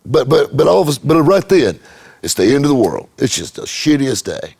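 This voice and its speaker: A man's voice: medium pitch, sing-song, moderate pace, vocal fry, a little mellow, slightly rough, dry recording. A middle-aged man, a car dealer, telling a rambling, profane story in casual chat, with many repeated words. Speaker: car dealer and channel host.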